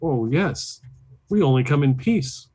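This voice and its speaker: A man playing a polite adventurer who talks in a formal, measured way. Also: mid-range voice, expressive, mellow, breathy edge, no echo.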